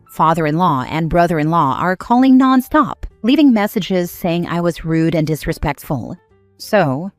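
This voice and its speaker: A woman narrating online posts aloud in a lively scripted storytelling manner. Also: lowish voice, no room sound.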